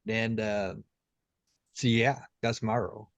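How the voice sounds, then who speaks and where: A man introducing himself as the eldest sibling on a family podcast, relaxed and teasing. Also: fairly low pitch, slow, no room sound. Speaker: guest relative. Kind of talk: casual chat.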